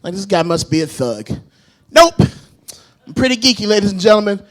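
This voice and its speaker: On a club stage, a man with a strikingly high voice does stand-up comedy into a handheld mic. He's animated and self-deprecating, frequently laughing at his own jokes, and he talks a little fast.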